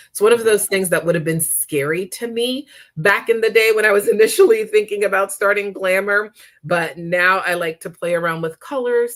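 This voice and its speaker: Woman, lowish voice, chatty makeup demo with lots of check-ins. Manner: chatty, checks in with frequent "okay?". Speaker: makeup demonstrator. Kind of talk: live makeup tutorial.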